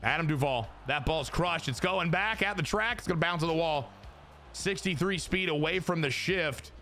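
Streamer guy, bright and somewhat high, excitable running commentary with cursing, faint music underneath. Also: moderate pace. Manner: excitable, swears, talks to chat. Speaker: gaming streamer. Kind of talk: casual gameplay commentary.

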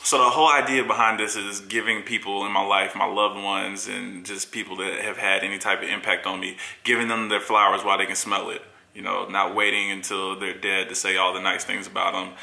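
A man vlogging, reading a heartfelt letter aloud with sincere, measured delivery. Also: low-pitched, little pitch movement, creaky, bright, forceful tone. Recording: echoey room with music behind.

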